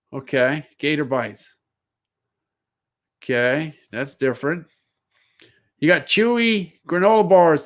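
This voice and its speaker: A man's voice: fairly high pitch, a bit bright. A man hosting a casual solo livestream, musing aloud as he reads down a list of product listings. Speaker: livestream seller host.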